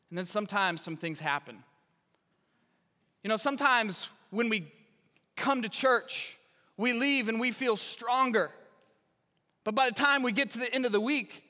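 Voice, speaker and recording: Guy pastor preaching, bright ringing voice, jokes at himself, big reverby church hall. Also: sits high. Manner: storytelling with self-deprecating humor. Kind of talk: sermon.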